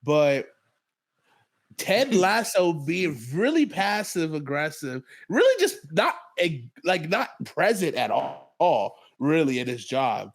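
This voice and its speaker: This man co-hosts a podcast and runs through a show recap in casual chat, sounding tired. His pitch is fairly high and he speaks slowly, yet he's very animated, loose and chatty, laughing often.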